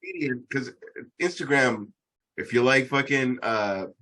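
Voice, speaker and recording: A man's voice: mid-range voice, expressive, measured pace, pushed and bright. A man in a casual podcast chat, rambling and swearing as he restarts his sentences.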